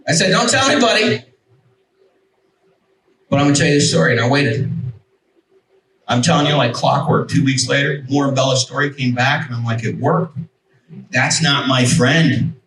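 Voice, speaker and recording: A man, a military veteran, telling his personal testimony to an audience. He talks in an animated, joking way and keeps checking in with "right?". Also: medium pitch, brisk. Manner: animated storyteller, jokey asides, emphatic rhetorical "right?". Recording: echoey room, distant mic, faint background hum.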